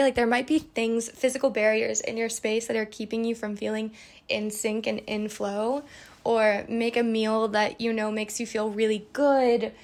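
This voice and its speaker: Woman, young adult, podcast host, casual advice chat, candid and playful, vocal fry. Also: on the high side. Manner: chatty, candid and self-deprecating with playful asides. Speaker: podcast host answering listener questions.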